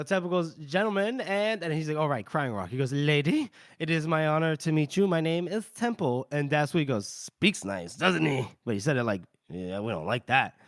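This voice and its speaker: Male podcast co-host, casual recap, lightly higher voice, laughs often, drops into character lines. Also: no room sound, clean studio sound. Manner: retells scenes with quick put-on character lines and laughs. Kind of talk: casual chat recapping a book.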